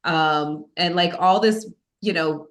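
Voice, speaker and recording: A woman's voice: on the low side, takes it slowly. A woman as a podcast guest, telling a personal story in a candid, self-mocking way, with many fillers.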